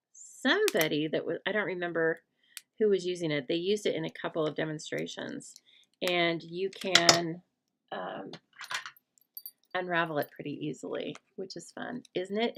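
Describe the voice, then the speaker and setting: Casting: middle-aged woman, chatty live-stream craft host, lower voice with some gravel. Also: noisy background. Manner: chatty, self-teasing, greets viewers by name. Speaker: host of a live stamping and papercraft show. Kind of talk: casual live-stream chat.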